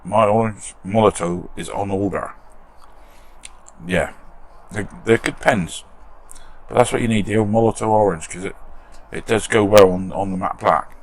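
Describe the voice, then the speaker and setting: A man's voice: on the low side, steady tone, normal speed. A British man hosting a model restoration channel, chatting casually in his shed workshop and reading out viewer comments with self-deprecating humour.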